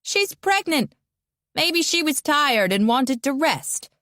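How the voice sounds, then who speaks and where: A woman narrator voicing a kind elderly woman who speaks up gently for a stranger, in an audiobook. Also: sits high, big pitch swings, takes it slowly, no room sound, studio quality, voice pushed up, full character voice. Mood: pleading.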